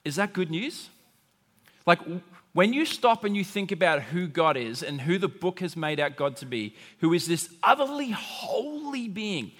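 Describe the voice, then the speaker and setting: Animated high-voiced preacher in a hall. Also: male voice. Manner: animated, conversational, acts out quoted voices. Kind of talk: sermon. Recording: long hall reverb.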